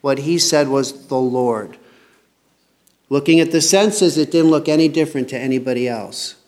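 A man's voice: medium pitch, moderate pace, darkish tone. A man teaching a Bible passage in a casual sermon, reading scripture aloud and commenting in a chatty, joking way.

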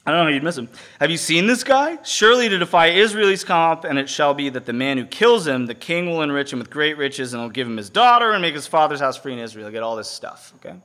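A man preaching a sermon who reads scripture aloud and explains it in casual, animated paraphrase, asking the audience to fill in words. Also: fairly high pitch, quick pace, hardly any pauses.

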